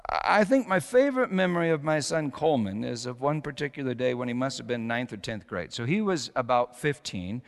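Middle-aged male preacher, mid-pitched, storytelling sermon, long hall reverb. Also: lively intonation, brisk, creaky, few pauses. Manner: storytelling, swings from hushed to emphatic.

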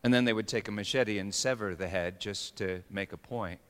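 A man preaching a sermon with dramatic swings between hushed storytelling and sudden shouts. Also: lowish voice, a little fast, clear, resonant tone. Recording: long reverb of a large hall.

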